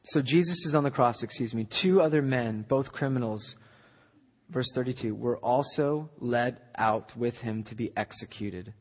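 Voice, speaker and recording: A young man preaching a sermon, emphatic, building to near-shouts at the high points. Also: moderate pace. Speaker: pastor. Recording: dull lo-fi recording in a reverberant hall.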